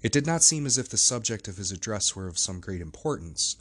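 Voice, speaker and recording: Low, husky male audiobook narrator. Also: sing-song, a little fast, fairly bright tone. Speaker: audiobook reader. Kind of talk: scripted narration.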